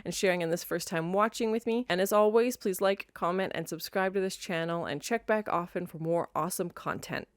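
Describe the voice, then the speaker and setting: A woman's voice: lowish voice, brisk, hardly any pauses. A young woman hosting a reaction video, chatting casually and tossing off wry quips and exclamations as she watches.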